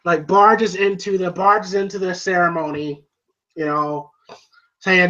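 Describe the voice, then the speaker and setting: A man's voice: sits high, normal speed, sharp tone, dull audio. A man casually reviewing a movie, retelling scenes in a rambling, amused way.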